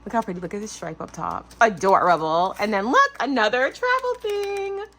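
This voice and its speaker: A woman's voice: mid-range voice, a little fast, gravelly. A woman of about forty hosting a craft channel, chatting casually and gushing over a package of crafting goodies. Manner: gushing, excitable, lots of "oh my gosh". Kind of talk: casual unboxing chat.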